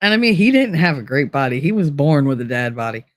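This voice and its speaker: A woman's voice: deep voice, very animated, quick pace, dry recording. Woman, stream host, casual storytelling, candid, swears a lot, laughs mid-sentence, dry close sound.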